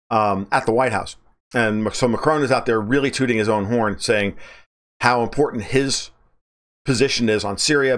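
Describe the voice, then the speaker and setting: A man's voice: mid-range voice, a bit bright. A man hosting a podcast, giving a blunt, profane political commentary monologue with rambling restarts. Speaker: podcast host.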